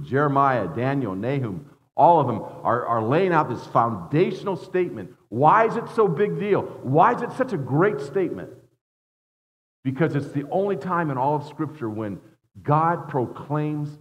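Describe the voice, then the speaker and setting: A man preaching a sermon as a guest preacher, earnest, dropping his voice low and rising for emphasis, often repeating words as he builds a point. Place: church sanctuary. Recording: dull sound in a long-reverb hall.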